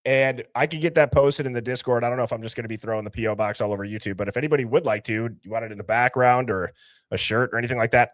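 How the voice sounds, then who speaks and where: A man hosting a casual live stream, reading out viewer names and comments with loud greetings and laughs. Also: mid-range voice, no echo, clean studio sound. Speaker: livestream host.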